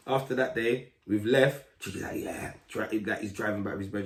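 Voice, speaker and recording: A man telling a lively story in casual street slang, acting out the voices of people in it. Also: on the low side, fairly quick. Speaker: guest, grime MC. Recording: roomy echo.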